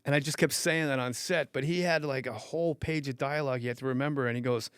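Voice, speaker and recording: A man's voice: medium pitch, fast, hardly any pauses, clean tone. A middle-aged man, a comedian hosting a podcast, telling stories in casual chat and acting out heated quotes. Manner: animated, acts out heated quotes loudly.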